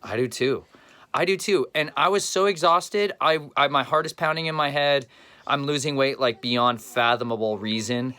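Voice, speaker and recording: A man chatting casually on a vlog, rambling and excitable as he talks. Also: medium pitch, normal speed, clean tone. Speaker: vlogger.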